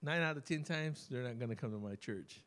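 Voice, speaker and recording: A man preaching a sermon as pastor, telling stories conversationally and slowing down to stress key words. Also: medium pitch, expressive, fairly bright tone. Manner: conversational storytelling preacher, emphatic with sudden slow stresses. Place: church service.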